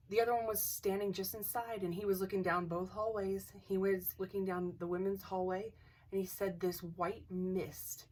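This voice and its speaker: Young woman, husky voice, low pitch, hesitant storytelling, a bit off-mic. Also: far from the mic. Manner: hesitant, many restarts, drops to near-whispers at tense moments. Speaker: channel host telling a ghost story. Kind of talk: casual storytelling.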